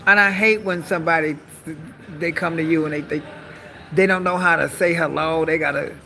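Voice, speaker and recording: Brief: woman, live-stream comic, brassy bright tone with fry, bawdy and sassy. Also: low voice, steady tone, normal speed, a little hiss or hum. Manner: sassy, bawdy, calls listeners honey. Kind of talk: stand-up style live-stream monologue.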